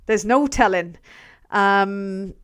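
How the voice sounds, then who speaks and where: A woman's voice: medium pitch, drawn-out words, smooth. A young English woman hosting a casual livestream, reading out chat messages, swearing freely and laughing often as she rambles. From England. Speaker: channel host reading live chat.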